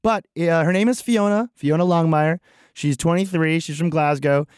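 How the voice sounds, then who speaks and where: A man's voice: a little high, moderate pace, darkish tone, smooth, dry recording, clean studio sound. A man co-hosting a podcast, telling stories about himself in a wry, self-mocking way. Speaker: podcast co-host. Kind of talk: casual podcast chat.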